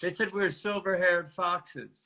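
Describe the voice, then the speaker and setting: A man's voice: high-pitched, normal speed, sharp tone. A middle-aged man riffing playfully in casual chat on a video call from home. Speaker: guest.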